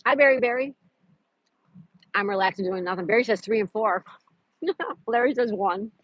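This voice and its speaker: A woman's voice: medium pitch, expressive, normal speed, no room sound, muffled recording. Chatty woman hosting a park livestream. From Florida. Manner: chatty, greets viewers by name, reads trivia aloud. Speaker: livestream host. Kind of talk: casual livestream chat. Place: outdoors in a park.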